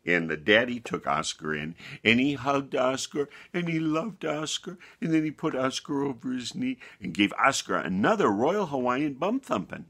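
A man reading a bedtime story aloud to children with a moral at the end, animated and homespun, often turning to the listener with asides. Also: medium pitch, normal speed, few pauses.

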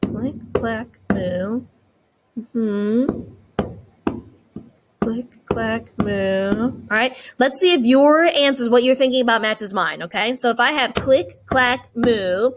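A woman's voice: a little high, slow, background noise. A woman music teacher giving an online rhythm lesson. She talks encouragingly, chants rhythm syllables and often checks in with "okay?".

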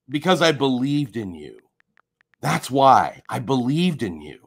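Male streamer with an animated delivery, heated and cussing. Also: mid-range voice, slow pace, breathy edge. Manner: heated, profane, confrontational. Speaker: livestreamer. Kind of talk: live stream rant.

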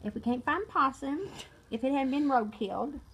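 An older woman hamming up a chatty rural Southern lady with a loose, rambling drawl. Her voice is high and lively, rising and falling a lot. The accent is a playful put-on, not a polished performance. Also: normal speed, a little hiss or hum. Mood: folksy.

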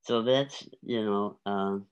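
A man in his seventies telling lively stories as an interview guest, often laughing and acting out voices. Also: on the low side, takes it slowly, smooth, dull audio. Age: 70s. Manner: animated, laughing, acts out voices. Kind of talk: storytelling interview.

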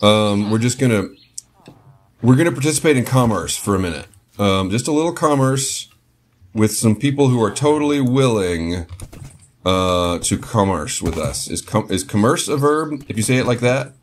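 A man's voice: mid-range voice, animated, normal speed, slight background noise. A man casually commenting on his own gameplay, joking and talking to his game horse. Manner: playful, talks to his game horse in mock apology. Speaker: gaming channel host.

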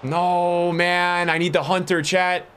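A man's voice: high-pitched, slow pace, a little hiss or hum. A young man streaming a football video game, commenting casually, swearing often and talking to his chat. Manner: excitable, swears a lot, talks to chat. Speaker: gaming streamer.

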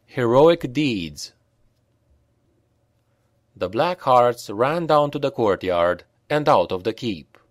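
A man reads a grim fantasy novel aloud at an unhurried pace. His pitch rises and falls vividly as he tells the tale, and the recording is close and dry. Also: animated, no echo. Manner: measured, deliberate storytelling with voiced characters. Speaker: audiobook narrator. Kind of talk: dramatic fantasy audiobook narration.

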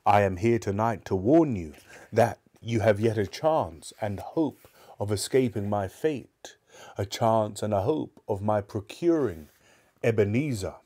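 A man voicing a regretful male ghost in a solemn, slow manner. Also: on the low side, expressive, mellow.

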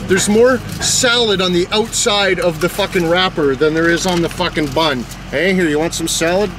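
A man's voice: high voice, normal speed. A man vlogging from behind the wheel, joking and swearing constantly in slangy talk. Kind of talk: casual driving vlog. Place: inside a moving car. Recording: car road noise.

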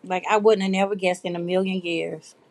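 A woman's voice: lowish voice, fairly even intonation, brisk, a little mellow, no room sound. A middle-aged woman, hosting a live craft stream and chatting casually with her viewers as she reads their comments. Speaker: craft livestream host. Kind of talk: casual livestream chat.

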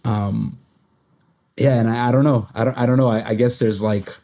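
A man's voice: medium pitch, fairly even intonation, normal speed, dark tone. A young man hosting a podcast, talking reflectively with many fillers and restarts. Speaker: podcast host. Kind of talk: reflective conversational sharing.

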